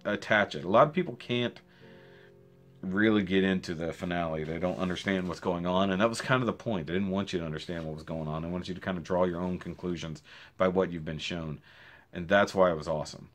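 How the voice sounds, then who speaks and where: A man with a somewhat low voice talks through a show in a loose, rambling review. He gets excited easily, starts sentences over and fires off rhetorical questions. Faint music plays underneath. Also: fairly quick. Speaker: video reviewer. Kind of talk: casual spoken review.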